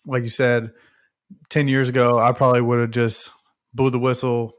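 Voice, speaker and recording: Male podcast host, middle pitch, flat delivery, mic set farther back. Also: normal speed. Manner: agreeable, reflective. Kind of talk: casual podcast chat.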